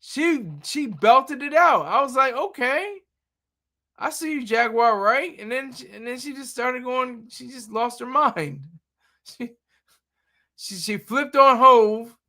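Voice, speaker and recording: Man, livestream host, casual riffing, frequent laughs, bright tense voice. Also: very high-pitched, takes it slowly. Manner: laughs often, animated, jokey riffing.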